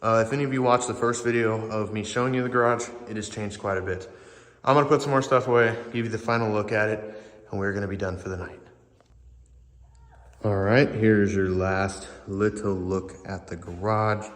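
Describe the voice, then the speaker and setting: A man's voice: fairly low pitch, steady tone, normal speed. A man talking casually as a vlogger, rambling and swearing offhandedly while showing around his garage. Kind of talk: casual vlog walkthrough. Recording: echoey garage with long reverb.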